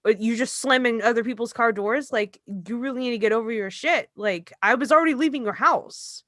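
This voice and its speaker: A woman's voice: fairly high pitch, a little fast, fairly bright tone, no echo, studio quality. A young adult woman co-hosting a podcast, telling a story in casual chat and acting out the quotes with lots of swearing. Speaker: podcast co-host.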